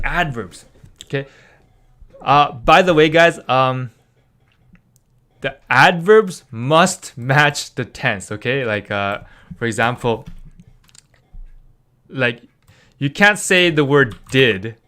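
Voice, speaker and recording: A man's voice: medium pitch, measured pace, long pauses, a bit bright. Young man, casual live-stream lesson, chatty, filler-heavy, rambling. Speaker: language teacher streaming a lesson.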